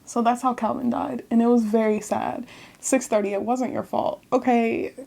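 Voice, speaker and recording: A talkative woman giving a casual book review straight to camera. Her voice sits a little high, and she keeps an animated, chatty flow with laughs between remarks. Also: normal speed, creaky.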